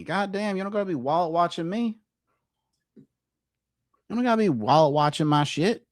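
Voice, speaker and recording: A man's voice: a little high, sing-song, moderate pace, no echo, studio quality. A man hosting a livestream commentary show, ranting profanely and combatively at viewers in his chat.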